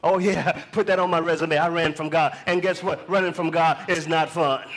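A man in his thirties preaching a sermon, swinging from hushed storytelling to raised exhortation, with call-and-response lines. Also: fairly high pitch, steady tone, normal speed, hardly any pauses. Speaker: pastor.

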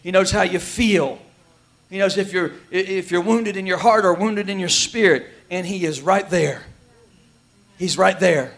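A male pastor preaching a sermon in a folksy, emphatic way, shouting at the peaks and dropping quiet elsewhere. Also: high-pitched, measured pace, gravelly.

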